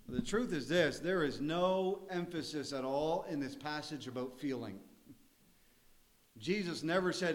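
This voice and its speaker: A pastor preaching a sermon in an earnest, conversational way, sometimes laughing and rising to emphasis. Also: male voice, fairly high pitch, expressive, unhurried.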